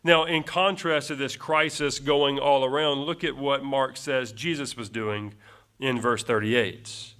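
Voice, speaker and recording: A man's voice: mid-range voice, moderate pace, bright, forceful tone. A male pastor preaching a verse-by-verse sermon, earnest, repeating phrases for emphasis and closing points with rhetorical tag questions.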